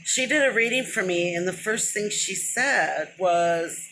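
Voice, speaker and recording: With a mid-range, animated voice, a fairly bright tone, and a measured pace, a middle-aged woman vlogs to a camera close to her face over a little hiss or hum. Her casual monologue is emotional and self-described as rambling, and she slips in "but anyway" and speaks openly about crying.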